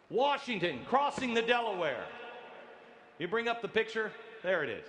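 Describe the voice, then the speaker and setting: A high-voiced man giving a sarcastic speech on a stage mic, incredulous and rising to shouts. He talks slowly with a very lively pitch, over a faint hum of ambience. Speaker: speaker at a convention.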